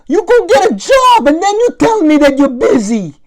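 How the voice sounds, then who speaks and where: A man's voice: very high voice, big pitch swings, normal speed, darkish tone, slight background noise, voice pushed up. A man voicing an elderly nagging mother with a cane, who shrieks and scolds from another room. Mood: scolding. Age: over 60 (figure).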